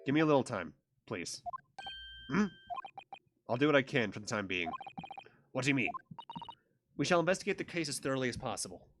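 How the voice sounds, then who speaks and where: A man's voice: medium pitch, very animated, brisk, pauses often, over music, close to an everyday voice. A man reading a hesitant young lawyer. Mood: earnest. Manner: hesitant, earnest. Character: earnest young male lawyer, unsure.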